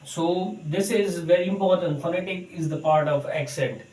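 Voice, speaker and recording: A man teaching an English lesson to students, speaking haltingly with many fillers. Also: on the high side, steady tone, darkish tone. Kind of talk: recorded English lecture. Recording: echoey room, distant mic.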